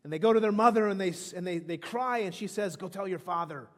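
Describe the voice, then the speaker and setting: A high-pitched man in his thirties talks fast while preaching as pastor, emphatic and frequently restarting his sentences. He's in a church sanctuary, and the recording carries long hall reverb.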